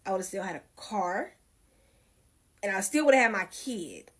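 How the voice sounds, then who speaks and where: A woman's voice: medium pitch, animated, moderate pace, husky. Frank woman telling a hard story. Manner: blunt, heated, frank retelling with acted quotes. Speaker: guest telling her life story. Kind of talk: candid personal storytelling.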